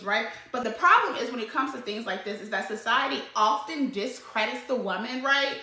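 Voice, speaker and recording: A woman's voice: on the high side, pushed and bright, echoey room, poor audio. A woman hosting a vlog, giving casual commentary in a conversational way, often saying "like" and "right?". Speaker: vlog host.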